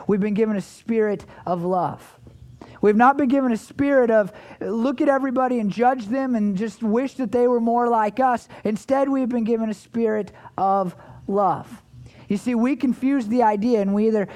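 A man preaching a sermon in an earnest, repetitive way, often restarting phrases and swinging his pitch up and down for emphasis. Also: a little mellow. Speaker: pastor.

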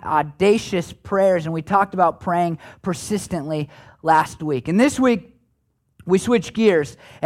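A man preaching a sermon in a conversational, folksy way with playful asides. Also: high voice. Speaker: pastor.

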